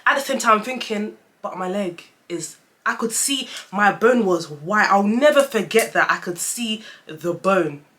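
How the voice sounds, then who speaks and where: Young woman, casual story-time vlogger, animated, talks straight to the audience. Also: mid-range voice, a little slow. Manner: chatty, animated storytelling, addresses viewers as guys.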